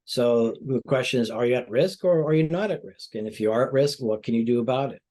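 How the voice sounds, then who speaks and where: A man's voice: medium pitch, fairly quick, dark tone. A male plastic surgeon giving explanatory interview answers with frequent "you know" fillers.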